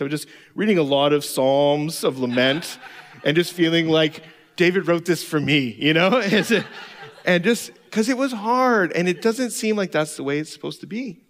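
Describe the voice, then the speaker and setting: A man's voice: on the high side, big-room sound. A middle-aged man preaching a sermon, telling a candid, self-deprecating personal story with laughs. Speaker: pastor.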